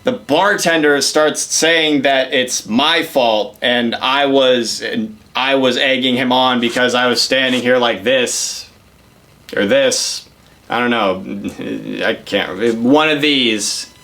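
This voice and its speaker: A man's voice: mid-range voice, steady tone, slow, pushed and bright. A young man telling a rambling, profane story in a casual comedic way.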